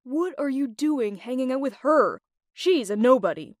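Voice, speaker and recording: A woman's voice: high voice, expressive, normal speed, no room sound, studio quality. A woman voicing a stern wealthy father who speaks with cold contempt and gives orders. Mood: scornful. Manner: contemptuous, commanding.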